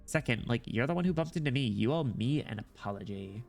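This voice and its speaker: A man's voice: medium pitch, lively intonation, fairly quick, gravelly, a little mellow, soft background music. Brief: male streamer reading a young woman envoy in a valley-girl drawl, flippant, "like" in every breath, game story read aloud. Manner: sprinkles "like" everywhere, breezy.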